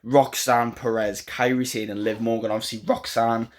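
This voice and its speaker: A man's voice: medium pitch, flat delivery, moderate pace. A man giving a casual, opinionated spoken review of a wrestling show. He rants freely and talks with frequent fillers.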